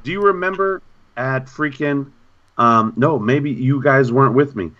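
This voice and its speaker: A man co-hosting a gaming podcast in casual chat, an animated storyteller who repeats himself. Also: medium pitch, measured pace, lo-fi sound. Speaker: podcast co-host.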